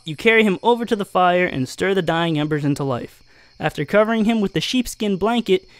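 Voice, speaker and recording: A man's voice: sits high, no room sound. A man reading an adventure gamebook aloud as game master, with jokey asides.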